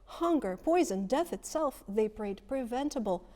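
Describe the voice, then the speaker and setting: A woman poet reading her verse slowly and deliberately, leaning hard on single words. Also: mid-range voice, a little mellow. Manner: measured, emphatic, lingering on single words. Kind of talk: poetry reading.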